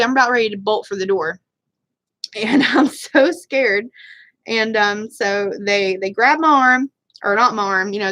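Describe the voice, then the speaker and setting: A woman's voice: on the high side, a bit bright, no room sound. A woman telling a rambling, self-deprecating story in casual chat while doing her makeup on a live stream, with a Southern US accent. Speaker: beauty vlogger. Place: home room, live stream.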